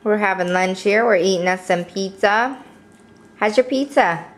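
A woman's voice: mid-range voice, normal speed. A mother talking to her small children over lunch in a coaxing, sing-song way.

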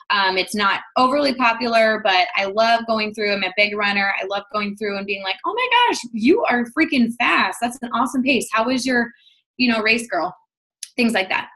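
A woman's voice: medium pitch, sharp tone. A young adult woman, a fitness coach, talking casually on a team call in a chatty, upbeat way with many fillers.

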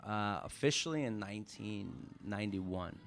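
A man's voice: fairly low pitch, animated, normal speed. A man, a restaurant owner telling stories on a podcast in casual, profane chat and acting out quotes. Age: 30s.

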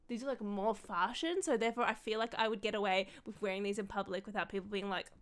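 A woman's voice: mid-range voice, steady tone, fast, hardly any pauses, a bit bright, clean tone. A young woman casually unboxing gear for her vlog, gushing, sweary and chatty with rambling asides. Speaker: content creator and streamer.

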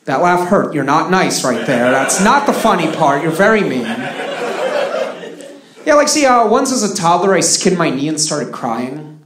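A man in his thirties from Russia doing live stand-up comedy, lively with flat deadpan punchlines. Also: fairly high pitch, normal speed, noisy background. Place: comedy stage before a live audience. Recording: roomy live venue with crowd laughter.

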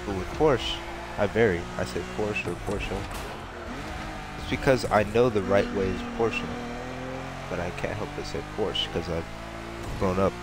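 Over a very noisy recording with game music in the background, a young man streams his racing game and rambles through casual commentary. He's self-mocking and laughs a lot, speaking in a low-pitched voice at a moderate pace.

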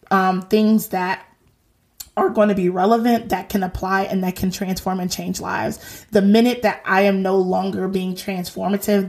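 A woman in her thirties hosting a faith podcast, talking casually, earnest and exhorting, with slangy asides. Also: mid-range voice.

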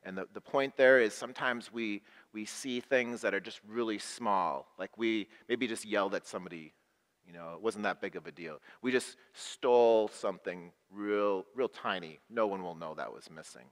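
A man's voice: lowish voice, normal speed. A man preaching as pastor to people in the room and at home, asking them questions and leading short call-and-response prayers. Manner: leads call-and-response prayers, repeating phrases. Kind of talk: sermon to a live and online congregation. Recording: long hall reverb.

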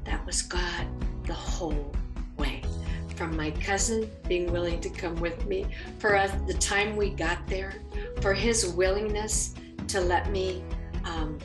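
A middle-aged woman and Bible teacher telling a personal faith story, expressive and acting out what people said. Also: on the low side, measured pace, far from the mic. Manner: expressive, acts out quoted speech. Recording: roomy echo, faint music.

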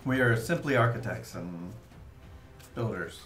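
A man's voice: fairly low pitch, expressive, unhurried, fairly bright tone. A man playing a board game on a stream, making short, dry remarks. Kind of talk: casual chat while playing a board game.

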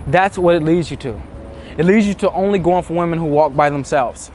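Emphatic guy coaching on dating, kinda high voice, light street noise behind. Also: a little fast. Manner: emphatic, acts out inner thoughts in quoted asides. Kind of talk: motivational talk to camera.

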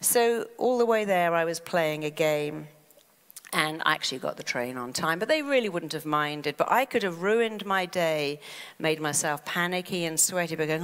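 A woman gives a motivational talk on stage, with a fairly low voice. She plays out the voices people use on themselves, and a long reverb from the hall trails each line. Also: normal speed, smooth. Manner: animated, acts out quoted inner voices. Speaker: speaker.

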